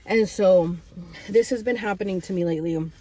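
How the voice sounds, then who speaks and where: A woman chatting to the camera in a casual vlog from a parked car, bubbly and chatty, acting out what others said in a high voice. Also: moderate pace. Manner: chatty and bubbly, retells with excited high quotes. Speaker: vlogger. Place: parked car on a road trip.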